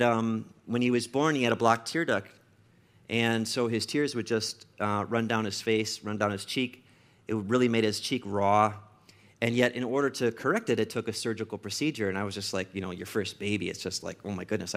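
A male pastor in his thirties preaches a sermon in a mid-range voice. He tells a personal story, building from calm recollection to strong emotional emphasis. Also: medium pitch.

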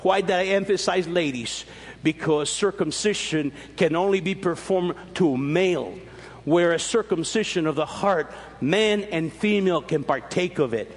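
A man's voice: normal speed, long reverb tail. A man preaching a sermon as pastor, swinging his voice up and down as he explains scripture. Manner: preaching with sweeping rises and drops in pitch.

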